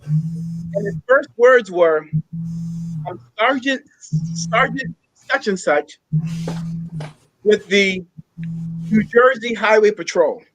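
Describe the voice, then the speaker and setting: A man earnestly telling a personal story, in a halting way with pauses and fillers. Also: sits high, animated, fairly bright tone, muffled recording, soft background music. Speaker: guest sharing a personal story.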